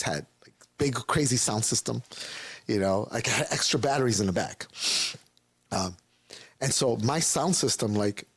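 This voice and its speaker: A man talks as an interview guest, recounting a personal story in a loose, rambling way. His voice is gravelly and husky, and he slips into the voices of the people he quotes. The recording is dry and close. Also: medium pitch, no echo. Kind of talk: casual personal testimony.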